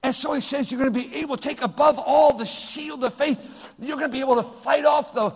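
A middle-aged male pastor preaching a sermon, swinging between loud exclamations and hushed, close remarks. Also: very high voice, steady tone, a little fast. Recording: long hall reverb.

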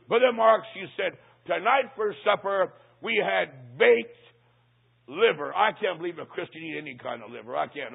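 A man with a fairly high, gravelly voice preaches, spinning a humorous story and dropping into hushed, lower tones for the other characters. His voice is husky, and the recording sounds thin and tinny, like a phone line. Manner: storytelling, acting out dialogue in hushed low voices.

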